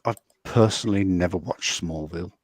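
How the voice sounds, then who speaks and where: A man co-hosting a casual online chat, animated and prone to stammered restarts. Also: sits low, fairly quick, dry recording.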